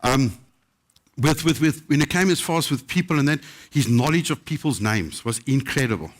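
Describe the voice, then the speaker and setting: Middle aged south african guy, chef telling funny stories to a crowd, lively and jokey, regular pitched voice. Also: moderate pace. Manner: lively, humorous, mimics other people's voices in quotes. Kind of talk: live anecdotal storytelling to an audience.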